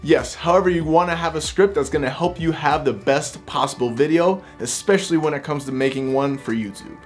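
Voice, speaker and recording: A man's voice: fairly high pitch, fairly quick, faint music behind. A man explaining how to script videos in a direct, conversational tutorial, talking freely from bullet points rather than reading. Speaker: YouTube creator giving tips. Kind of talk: casual talking-head tutorial.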